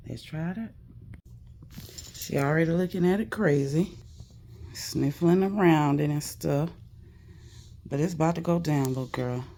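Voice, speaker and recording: A woman talks casually to her phone camera at home, easy and slangy. Her voice sits low, with a gravelly edge of fry in it. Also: warm tone. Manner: chatty, coaxing, slangy. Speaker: pet vlogger. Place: home, indoors.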